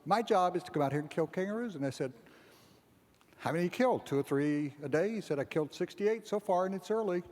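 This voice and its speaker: A man's voice: sits high, lively intonation, brisk, darkish tone. A man giving a humorous keynote speech, rambling through a comic story and acting out the dialogue. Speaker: keynote speaker. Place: large event hall. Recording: long hall reverb, faint background ambience.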